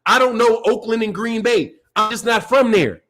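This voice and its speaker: High-pitched chicago guy hosting a boxing live stream, rambling, swearing, laughing a lot. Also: normal speed, fairly bright tone. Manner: loose, profane, laughs often, rambling. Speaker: boxing channel host. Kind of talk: casual live-stream rant.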